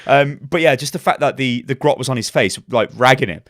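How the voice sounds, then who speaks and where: A man's voice: mid-range voice, fairly quick. A man co-hosting a casual gaming podcast, talking animatedly and laughing often. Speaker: podcast co-host.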